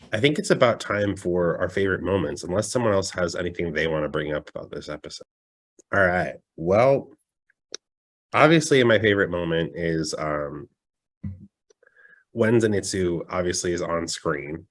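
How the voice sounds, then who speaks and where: A man co-hosting a podcast, chatting casually in a loud, animated, jokey way. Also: deep voice. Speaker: podcast co-host. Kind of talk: casual chat.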